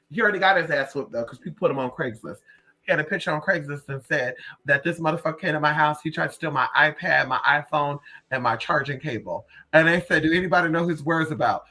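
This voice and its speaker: A young man with a fairly high voice tells a story straight to camera, animated and sassy, cursing freely. His tone is bright and forceful, and the delivery is casual storytelling. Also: fast. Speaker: vlogger.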